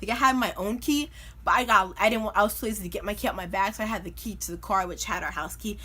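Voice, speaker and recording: Bright-voiced chatty young woman vlogger. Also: mid-range voice, quick pace, slightly rough. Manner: animated, chatty, filler-heavy with lots of "like". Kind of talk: casual storytime.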